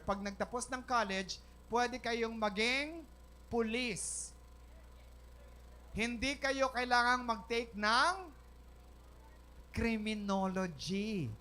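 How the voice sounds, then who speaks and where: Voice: medium pitch, fairly bright tone. A speaker with a Filipino accent giving a classroom lecture to students at a career seminar, mixing English and Tagalog and firing questions at the class before answering them. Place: school hall or classroom.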